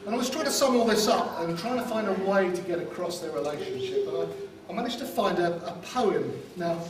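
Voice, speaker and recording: Speaking a little fast in a high, sing-song voice, a man from London addresses wedding guests with wry jokes and punchlines. The reception hall has a crowd audible in the background, picked up by a distant mic amid loud, echoing ambience.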